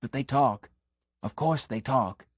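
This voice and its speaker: A man's voice: medium pitch, brisk, a little mellow, dry recording, clean studio sound, natural voice. A man reading the part of an earnest, scandalized middle-aged country constable who delivers an urgent, conspiratorial warning. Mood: hushed scandal. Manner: urgent, conspiratorial warning, drops to a stage whisper. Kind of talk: audiobook character reading.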